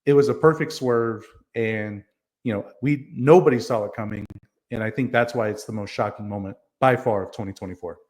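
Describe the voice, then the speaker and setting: Low-ish, brisk, and darkish in tone, this man's voice carries a casual wrestling podcast chat. As co-host, he earnestly defends his picks, peppering his points with ums and you-knows.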